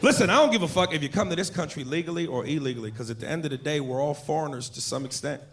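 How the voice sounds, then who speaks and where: A man doing brash, profane stand-up comedy on a club stage, loud and punchy. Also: fairly high pitch, very fast. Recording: live club recording with loud crowd and noise.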